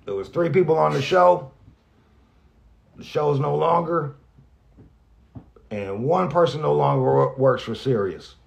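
A man, a radio host, talks candidly and off the cuff, halting and restarting often, with lots of profanity and earnest emotion. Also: a little high, lively intonation, creaky, muffled recording. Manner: halting, rambling, heavy profanity, frequent restarts; earnest, emotional about being grateful. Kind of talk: candid off-the-cuff vlog talk.

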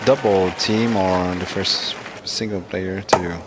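A man playing a mobile tennis game and commenting live, excitable and self-critical, with frequent exclamations. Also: low voice, slow, a loud crowd. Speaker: mobile game let's-play host. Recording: loud background noise.

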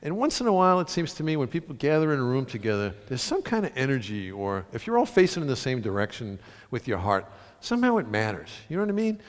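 A man with a middle-pitched voice gives a storytelling talk to a live audience. He is animated, breaking into sudden loud bursts. His voice rings out with a long reverb in a large concert hall. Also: fast. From United States. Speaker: author giving a reading.

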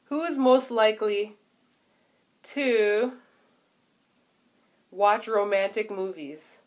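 A woman's voice: mid-range voice, takes it slowly. A woman casually asking her kids challenge questions, teasing them and laughing often. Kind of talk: casual family chat.

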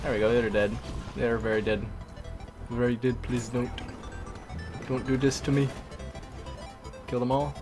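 Flat and unhurried, a tired gamer's mid-range voice drifts through casual, rambling remarks on his own play, with pauses scattered throughout. He talks to himself and softens his curses into milder words, with the game's sound and music running underneath.

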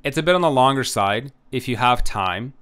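A man's voice: medium pitch, expressive, normal speed, fairly bright tone, clear, resonant tone. A man giving a recorded history lecture, rambling with many filler sounds and frequent "right?" checks.

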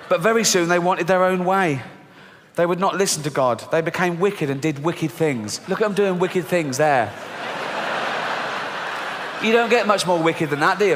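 A man's voice: sits high, moderate pace, a crowd in the background, background noise. A man doing stand-up comedy, sarcastic and profane, laughing mid-sentence, on a theatre stage with a stage mic. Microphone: stage microphone. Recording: live hall recording with audience.

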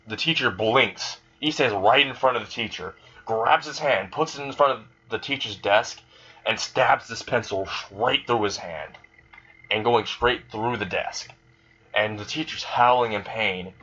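A man's voice: mid-range voice, bright, forceful tone, dull audio. A man casually telling an improvised fan story, rambling and swearing as he goes.

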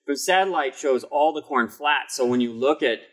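A man's voice: medium pitch, moderate pace, breathy edge. A man from Iowa with a Midwestern accent, co-hosting a casual podcast chat and telling stories with jokes. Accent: Midwestern American. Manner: joking, animated storyteller. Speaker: podcast co-host.

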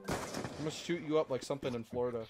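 A man's voice: medium pitch, racing. A man hosting a gaming video, joking crudely and swearing a lot in casual banter while playing. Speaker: gamer and channel host. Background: loud music and game gunfire.

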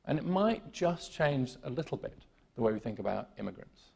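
A man's voice: mid-range voice, very animated, a little fast, creaky, darkish tone, husky. A man with a British accent, originally from the UK, giving a conference keynote with wry, self-deprecating humor, lots of "um" and restarts. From United Kingdom. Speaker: keynote speaker. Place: conference hall.

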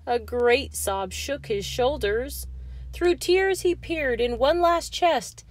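A woman reading a rhyming children's picture book aloud in an expressive, sing-song way. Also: high-pitched, slow pace, dry recording. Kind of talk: read-aloud storytelling for kids.

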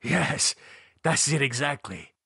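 A man's voice: medium pitch, expressive, slow pace, vocal fry, sharp tone, slightly rough, dry recording, clean studio sound, pitched above the performer's own voice, exaggerated voice. A man voicing a fussy, nervous doctor who speaks formally and a little stiffly. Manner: formal, fussy, slightly stilted.

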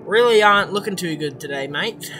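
Over music, a young adult gamer gives casual, excitable commentary on a horror game, swearing often and reacting loudly when startled. The voice is medium-pitched and fairly quick.

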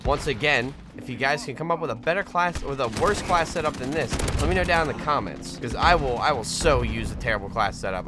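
A man giving casual gameplay commentary as a gaming video host, excitable and swearing often, with frequent laughs. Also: a little high, background noise. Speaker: gaming YouTuber. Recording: game gunfire behind voice. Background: game gunfire and explosions.

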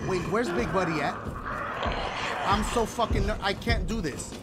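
A man giving excitable, profane let's-play commentary, talking back to game characters and yelping when scared. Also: high-pitched, moderate pace, very noisy. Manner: panicky yelps and shouts when scared. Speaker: gaming video host. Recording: loud game audio and clicks behind voice.

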